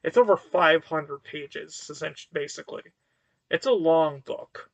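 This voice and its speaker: Guy doing a chill book review vlog, kinda high voice, slow, lots of uhs, dry mic. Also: gravelly, dry recording. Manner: slow, hesitant, lots of fillers and restarts. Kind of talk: casual talking-head book review.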